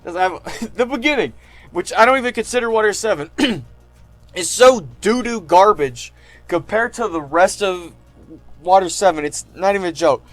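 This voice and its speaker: Guy rambling about anime, fairly high voice, tons of likes and ums, super into it, soft music behind. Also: moderate pace, dry recording. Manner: rambling, heavy on fillers and "like"; excitable fan gushing. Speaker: anime reviewer. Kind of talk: casual retrospective chat.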